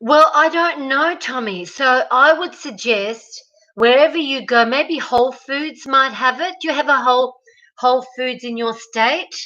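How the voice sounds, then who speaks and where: A woman's voice: sits high, measured pace, bright, forceful tone, muffled recording. A woman with an Australian accent hosting a casual livestream from her kitchen, chatting with viewers and greeting them by name. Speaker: livestream host. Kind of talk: casual live chat reading viewer comments. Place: home kitchen.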